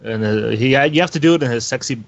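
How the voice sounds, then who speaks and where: A man's voice: medium pitch, fast, vocal fry, no room sound, dull audio. Teasing man on a podcast panel. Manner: teasing, laughs a lot. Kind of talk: casual chat.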